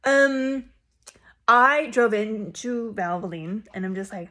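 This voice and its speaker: A young woman chatting into her phone camera, telling a long story with rambling asides. Her voice sits a bit high, and her lines jump up in pitch and volume whenever she acts out what she said. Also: unhurried. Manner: animated and rambling, with sudden loud jumps when quoting herself. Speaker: vlogger.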